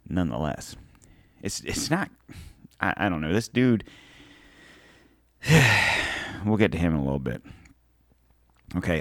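A man's voice: deep voice, dry recording, studio quality. A man hosting his own show, delivering a rambling, heated and sarcastic political commentary monologue. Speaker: show host.

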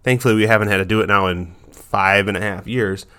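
Casual low-voiced dog trainer, rambling. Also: male voice, steady tone, a little fast, pushed and bright, clear, resonant tone. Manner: conversational, rambling with many restarts. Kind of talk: casual instructional talk.

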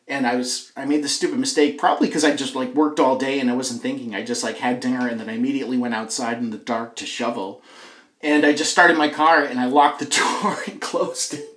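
A man's voice: fairly high pitch, a bit bright. Chatty man rambling in an echoey room. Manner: chatty, self-deprecating, many fillers. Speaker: podcast host. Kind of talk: rambling casual monologue.

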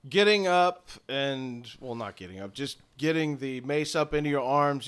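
A man's voice: medium pitch, normal speed, hardly any pauses, fairly bright tone, clear, resonant tone. A man narrating a tabletop game as game master, describing scenes in an easygoing way. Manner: descriptive, easygoing, with frequent restarts.

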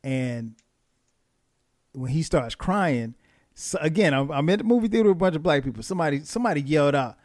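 A man who is a guest on a casual podcast, telling lively stories and laughing often. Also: on the high side, a little fast, no room sound, studio quality. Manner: animated storytelling, laughs often.

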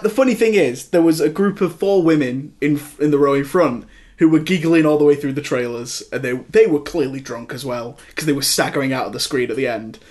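A young man hosting a podcast, chatting casually and telling an animated story with mimicked outbursts. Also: on the high side. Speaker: podcast host. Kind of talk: casual chat.

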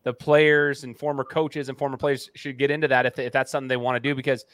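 A male podcast host who talks in a chatty, animated way and interviews his guest. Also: mid-range voice, quick pace, no room sound. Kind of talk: casual interview talk.

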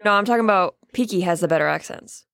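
A woman's voice: fairly low pitch, creaky, fairly bright tone, no room sound. Enthusiastic American woman, dry close sound. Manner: enthusiastic, quick agreeing interjections. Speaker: podcast co-host. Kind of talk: casual chat about TV shows.

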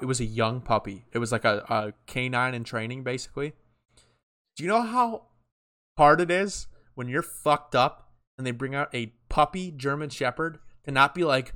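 A young man with a bright, forceful voice spins a story on a casual podcast. He swears freely and acts out the quotes of the people in it. His delivery is animated. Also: medium pitch, moderate pace. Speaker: podcast co-host.

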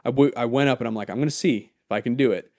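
A man talking casually on a podcast, rambling through stories in a mid-pitched voice. He gets animated and swears freely. The mic is close and the sound is dry. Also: very fast, no echo. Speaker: podcast co-host.

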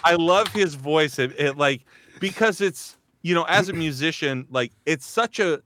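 A man's voice: fairly high pitch, unhurried, a bit bright, no echo, studio quality. A man hosting a casual chat, rambling with constant fillers and restarts. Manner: rambling, heavy use of "like", restarts. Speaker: host, voice actor.

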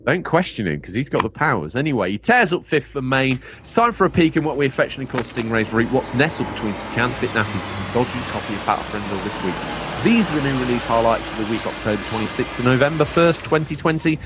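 A man's voice: mid-range voice, expressive, fast talker, background noise. A man co-hosting a podcast, playful and jokey, reading game release news between laughs. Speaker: podcast co-host. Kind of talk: casual podcast chat and game-release readouts.

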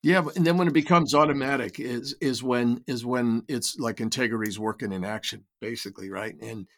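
A man's voice: medium pitch, a little fast, a bit bright. An older man as an interview guest, telling reflective stories in a casual way with frequent restarts and repeated words. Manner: reflective storytelling with many restarts. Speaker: guest, writer and creator.

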